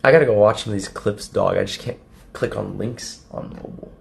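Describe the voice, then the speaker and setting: A young adult man streaming casually to his chat, profane and rambling, laughing often and acting out quotes in a high mocking voice. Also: fairly quick, vocal fry, echoey room, slight background noise. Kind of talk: casual livestream talk to chat.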